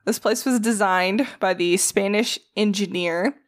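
A woman speaks at medium pitch and a measured pace. She's a tired co-host with a Southern accent on a casual podcast, reading facts in a profane, joking manner and tripping over names.

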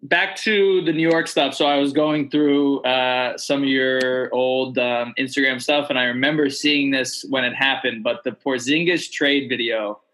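A man's voice: medium pitch, fairly even intonation, a little slow, hardly any pauses, a bit bright. A man hosting a podcast, asking questions in a casual, laid-back way. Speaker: podcast host. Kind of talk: casual chat.

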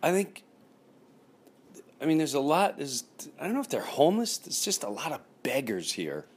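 A man's voice: on the high side, wildly swooping pitch, normal speed, slightly rough. A middle-aged man hosting a casual chat in a hotel room, telling stories in a rambling, jokey way with lots of restarts. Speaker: podcast host. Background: construction noise.

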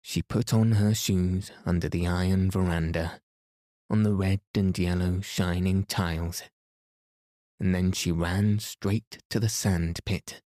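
A man narrating a bedtime story in a calm, soothing way for listeners falling asleep. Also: low voice, no room sound, clean studio sound. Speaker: podcast host, reader.

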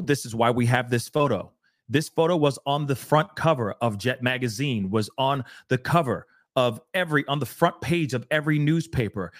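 A man's voice: a little high, dry recording, clean studio sound. A man co-hosting a casual talk show, speaking emphatically and repeating phrases for emphasis. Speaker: podcast co-host. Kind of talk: casual discussion.

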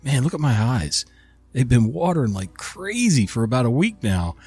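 A man's voice: mid-range voice, very animated, moderate pace, darkish tone, husky, no room sound, soft background music. A man with a stuffy, nasal voice from a cold, hosting a channel and reading a story aloud in a wry, conversational way. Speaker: host.

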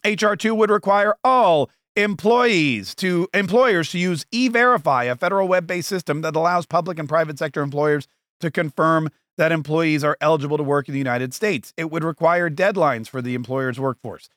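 A male podcast host delivering a sarcastic political monologue, full of rambling asides. His voice sits somewhat high for a man, and the recording is dry and close, with no room echo. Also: moderate pace, a bit bright.

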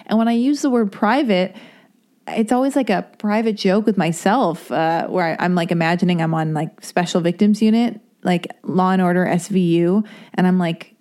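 Woman, young adult, solo podcast host; loose, filler-heavy, self-deprecating chat, warm low tone. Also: moderate pace. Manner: chatty and rambling, heavy on fillers, self-mocking. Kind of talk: casual solo podcast intro.

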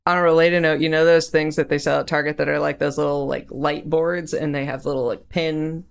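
A man co-hosting a podcast in casual chat, telling animated stories and giggling often. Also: on the high side, brisk, creaky, smooth. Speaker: podcast co-host.

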